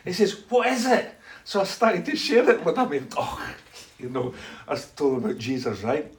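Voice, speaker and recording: A man's voice: medium pitch, normal speed. A man telling a church testimony as a story, acting out both sides of conversations and laughing often. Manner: animated, acts out dialogue, laughs often.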